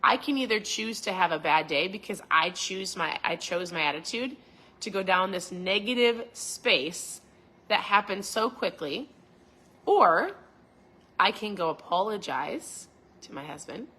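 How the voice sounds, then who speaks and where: A woman's voice: mid-range voice, measured pace, creaky, breathy edge. A middle-aged woman hosting a motivational podcast, talking casually to her viewers and acting out her own past conversations. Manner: animated, acts out her own past dialogue. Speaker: podcast host.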